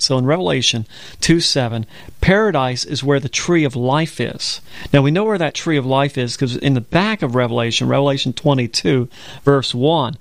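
A man with a gravelly, creaky voice co-hosts a Bible discussion program and walks through scripture point by point in an easy storytelling manner. His voice sounds dry and close, with no room around it. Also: mid-range voice, no echo. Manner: conversational storytelling, explains scripture step by step. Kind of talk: religious broadcast discussion.

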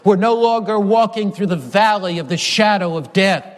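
A man preaches a sermon with a fairly high voice. He is earnest and emphatic, driving his points home through repetition. His voice rings with the long reverb of a large hall. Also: moderate pace.

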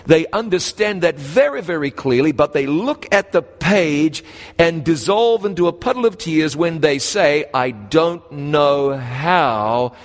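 New Zealand preacher in a reverberant hall. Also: male voice. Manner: animated, rises and drops sharply in pitch, slows for emphasis. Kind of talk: storytelling sermon.

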